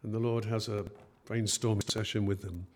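A man's voice: on the low side, flat delivery, normal speed, a little hiss or hum. A man preaching a sermon in church. He retells the scenes as everyday conversations.

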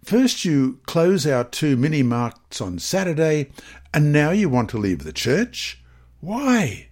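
A man's voice: big pitch swings, takes it slowly, darkish tone, exaggerated voice. A man reading aloud and raising his voice to play an upset, shocked wife in a story. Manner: raised pitch in exclaimed lines.

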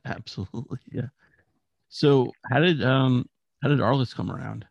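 A man's voice: medium pitch, normal speed, creaky, breathy edge, dry recording, highs cut off. A man interviewing a guest, mostly offering short affirmations and follow-up questions. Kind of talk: casual interview chat.

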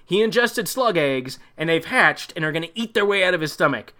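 A man's voice: a little high, expressive, fairly quick, bright, forceful tone. A man hosting a podcast, riffing sarcastically on a movie in a rambling, profane way. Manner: sarcastic, rambling, swears freely. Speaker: podcast host.

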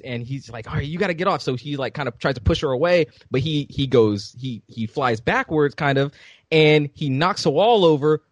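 A man's voice: mid-range voice, moderate pace, no room sound, dull audio. A man on a podcast in casual chat, animatedly retelling a game scene and acting out the characters' lines. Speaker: podcast co-host.

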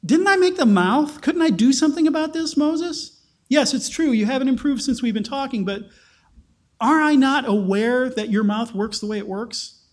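A man's voice: very high voice, lively intonation, normal speed, voice pushed up. A man speaking as God in a Bible retelling, firm and insistent, with a string of rhetorical questions. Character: God, a patient, firm all-powerful male deity.

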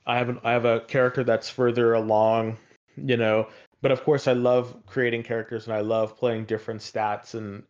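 A man's voice: mid-range voice, dull audio. A man talking in a casual, rambling way about games he has been playing, with many fillers and restarts. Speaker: podcast co-host.

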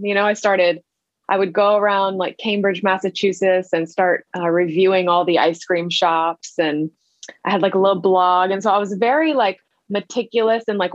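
A woman's voice: fairly low pitch, no room sound. Chatty woman, slightly dull dry recording. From Louisiana. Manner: chatty, many fillers, acts out quoted voices. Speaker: guest, ice cream entrepreneur. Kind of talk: casual interview storytelling.

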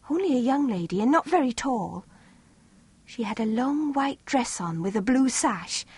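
A woman voicing a shy, tearful young village girl who speaks in a soft, hushed, wondering way. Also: high voice, husky, no echo, pitched above the performer's own voice.

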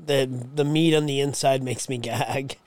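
A man co-hosting a casual podcast, swearing a lot and teasing his friend, often breaking into loud laughter. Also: mid-range voice, steady tone, moderate pace, clean tone. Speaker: podcast co-host. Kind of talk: casual chat.

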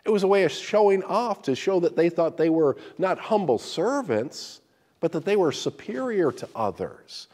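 A man's voice: high-pitched, moderate pace. A man preaching a sermon, explaining scripture with folksy stories, full of restarts and repeated words. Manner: animated storytelling with repeated restarts.

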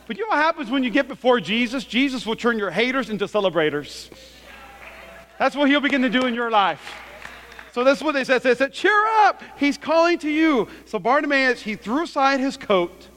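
A man's voice: very high voice, fairly quick, slight background noise. A man preaching a sermon as pastor, calling out to the congregation and acting out the scripture's voices. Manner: animated preaching, calls out to congregation. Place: church sanctuary. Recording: church hall with long reverb.

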